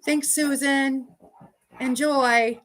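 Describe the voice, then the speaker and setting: A woman's voice: high-pitched, fairly even intonation, drawn-out words, fairly bright tone. A woman hosting a casual quilting livestream from her home sewing room, chatting with viewers about their comments and talking to her dog.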